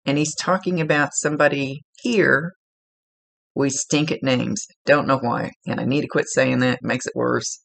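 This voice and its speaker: Gravelly-voiced man giving a psychic reading. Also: mid-range voice, steady tone, moderate pace, fairly bright tone, slight background noise. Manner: chatty, self-correcting, laughs easily. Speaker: psychic medium. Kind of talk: relaxed spoken reading, conversational.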